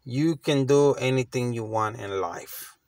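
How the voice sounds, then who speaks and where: A man's voice: medium pitch, unhurried, darkish tone, no echo. A middle-aged man giving casual, slangy motivational talk, emphatic and repeating himself as he restarts his phrases. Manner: slangy, conversational. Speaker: motivational vlogger.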